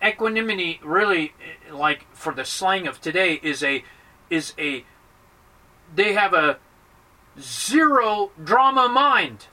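High, bright-voiced male Buddhist teacher. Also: animated, takes it slowly, recorded from a distance, low-quality recording. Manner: playful, acts out little dialogues with voices. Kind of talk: dharma talk.

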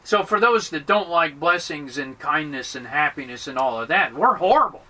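A man's voice: fairly high pitch, expressive, moderate pace, pushed and bright, distant mic, poor audio. A man giving a playful dharma talk as a Buddhist teacher, acting out little dialogues to make his points.

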